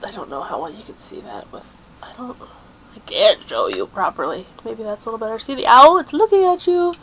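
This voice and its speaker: A woman hosting a crafting video podcast in casual chat, chatty and quick with asides, laughing often. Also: on the high side, big pitch swings, fairly bright tone, breathy edge. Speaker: podcast host.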